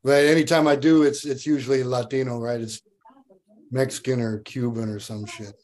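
A male voice actor as a guest on a podcast, chatting in a relaxed, profane way and laughing easily. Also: mid-range voice, moderate pace. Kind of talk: casual podcast chat.

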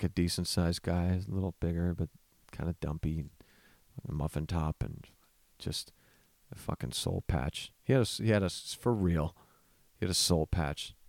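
A man's voice: low voice, a little mellow, no echo. A man in his thirties hosting a solo podcast, telling a story in a casual, profane, rambling way with plenty of restarts. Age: 30s. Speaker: podcast host.

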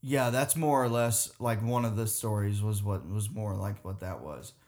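A man's voice: fairly low pitch, normal speed, a little mellow. A man with a Southern US accent, co-hosting a podcast in a rambling, casual chat, often laughing. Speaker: podcast co-host.

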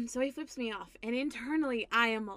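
A woman with a fairly high voice tells a story in an easy, chatty way. She laughs often and acts out what people said. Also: normal speed, a bit bright. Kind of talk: casual storytelling chat.

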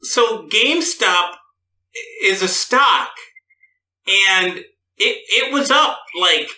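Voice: medium pitch, lively intonation, very slow, pushed and bright, echoey room, rough recording. A radio show host chatting on air with a caller, explaining hesitantly and stammering over words. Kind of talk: casual on-air chat.

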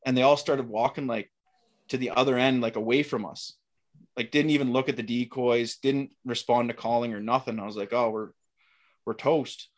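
Man, middle-aged, casual storyteller, animated, quotes the people in his story. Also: medium pitch, moderate pace. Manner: animated, acts out dialogue in quotes. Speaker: guest telling a hunting story.

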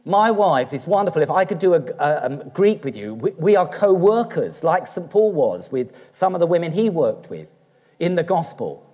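A man's voice: fairly high pitch, big pitch swings, normal speed, dark tone. A middle-aged Australian-born man, a priest, preaching a sermon in a chatty, joking way to his congregation. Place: church. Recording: long church reverb.

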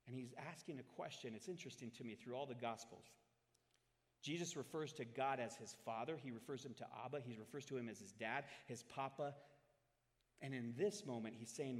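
A man preaching a sermon to a congregation, swinging from loud, dramatic scripture readings to quiet, reflective asides. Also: mid-range voice, normal speed. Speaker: pastor. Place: church hall. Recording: long hall reverb. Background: congregation in the room.

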